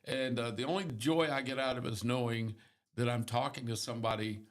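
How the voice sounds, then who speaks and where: A man's voice: medium pitch, fairly even intonation, fairly quick. An older man co-hosting a morning show, telling a rambling story with wry humor in casual chat.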